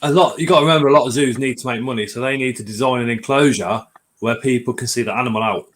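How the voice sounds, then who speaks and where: A man's voice: mid-range voice, fast, fairly bright tone, slight background noise. A Scottish man hosting a late-night casual chat, jokey and sweary. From Scotland. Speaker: podcast host.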